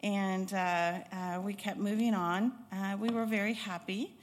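A middle-aged woman from Chicago, a former pediatric nurse and instructor, tells her life story in a reflective, unhurried way, often pausing with hesitations. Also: mid-range voice, fairly even intonation. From Chicago, United States. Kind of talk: personal life-story talk. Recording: long hall reverb.

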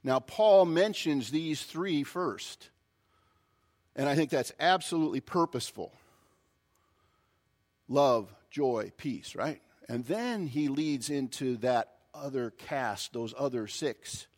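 A male pastor preaching a sermon, opening with a folksy, animated story. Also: medium pitch, slow pace.

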